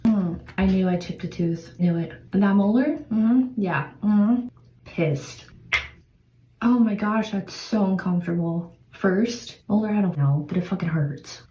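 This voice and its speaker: A woman's voice: medium pitch, a little slow, dark tone, slight background noise. A young woman filming a confessional vlog, anxious and close to tears as she talks to the camera. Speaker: vlogger. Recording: echoey room, faint ambience.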